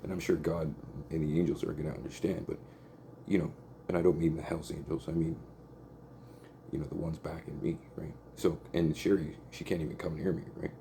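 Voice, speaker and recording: A low-pitched man rants angrily and profanely, filling every sentence with "like" and "right?". His voice is deep and gravelly, with a very dark, mellow tone. Faint background noise sits under his voice. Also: level tone, a little fast. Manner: agitated, profane, repeats "like" and "right?". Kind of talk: rambling angry monologue.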